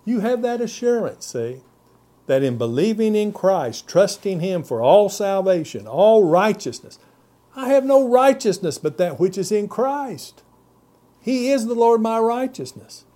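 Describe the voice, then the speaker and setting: A pastor delivers a sermon, reading scripture in old-fashioned language with a dark tone and an unhurried but very animated delivery. His pitch climbs on key words and sinks low at the end of each phrase.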